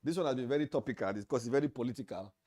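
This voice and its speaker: A man's voice: mid-range voice, very fast, dark tone. A man with a Nigerian English accent giving a training lecture to association officials, emphatic and repeating key phrases for stress. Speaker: leadership trainer at an association meeting. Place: meeting hall.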